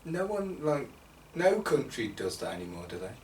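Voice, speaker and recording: Lively, animated male talk show host. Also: mid-range voice. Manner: animated, quick reactions. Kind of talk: casual chat. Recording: echoey room, distant mic, faint hiss.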